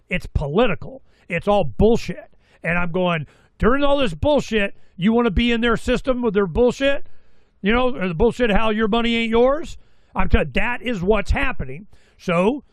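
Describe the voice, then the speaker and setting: A man's voice: high-pitched, dry recording. An older man hosting a show, ranting bluntly in casual political commentary and swearing freely. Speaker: show host.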